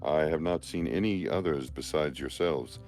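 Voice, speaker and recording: A man's voice: extremely low pitch, moderate pace, darkish tone, soft background music. A man role-playing a captain in a formal, archaic way of speaking. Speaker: player. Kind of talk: in-character role-play.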